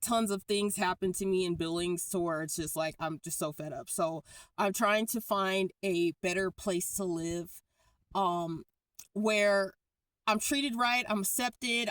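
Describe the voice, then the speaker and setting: Outdoors at a night-time car wash, a vlogger from California holds her phone and rambles fearfully, cursing often. Her voice sits at medium pitch, and the recording is dry.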